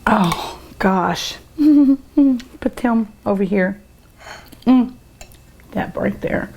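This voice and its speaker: A middle-aged woman hosts a cooking show, tasting dishes and gushing over each bite with drawn-out hums of delight. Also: medium pitch, lively intonation, vocal fry, darkish tone.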